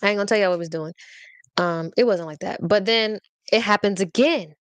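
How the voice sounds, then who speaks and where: A woman's voice: mid-range voice, fairly quick, clear, resonant tone, no echo. A woman hosting a podcast, telling a personal story in a casual, slangy way and often checking in with her listeners. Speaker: podcast host.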